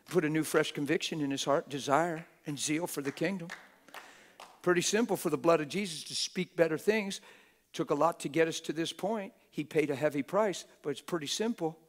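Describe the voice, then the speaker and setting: Speaking fairly quickly in a voice on the high side, a man gives a live sermon at a church gathering. He talks to the audience conversationally, fires rhetorical questions at them, and acts out the voices of those he quotes.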